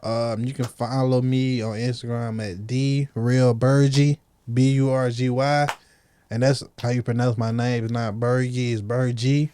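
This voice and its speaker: A man's voice: medium pitch, flat delivery, unhurried, mellow, a little hiss or hum. A man, a rapper guest, telling stories in a laid-back, slangy way. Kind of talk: casual interview chat.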